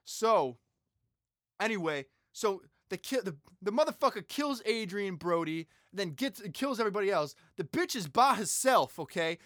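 A man's voice: high voice, animated, normal speed, a bit bright, dry recording, clean studio sound. A young man casually retelling a movie plot, rambling and profane, acting out the characters as he goes. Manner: rambling, profane, acts out characters mid-story. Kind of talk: casual crude movie recap.

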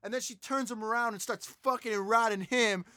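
A man's voice: very high voice, fairly even intonation, fairly quick, pushed and bright, no room sound. A young man casually retelling a movie plot, rambling and profane, acting out the characters as he goes. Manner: rambling, profane, acts out characters mid-story. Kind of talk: casual crude movie recap.

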